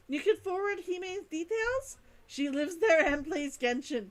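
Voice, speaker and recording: A woman's voice: very high voice, animated, slow. Chatty woman streaming a game. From Canada. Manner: chatty, enthusiastic, laughs often, repeats herself. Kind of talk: casual gameplay chat.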